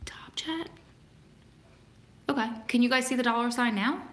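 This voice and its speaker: A woman's voice: fairly high pitch, steady tone, fast talker, fairly bright tone. A young woman hosting a casual livestream, chatting with viewers by name and reading aloud to them. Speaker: host of a livestream for prison families. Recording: echoey room.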